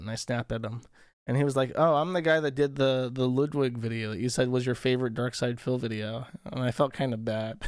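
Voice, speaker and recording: A man's voice: medium pitch, no room sound, studio quality. A man on a casual livestream reads viewer donation messages aloud and riffs on them in a crude, profane, sarcastic way. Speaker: streamer reading viewer donations.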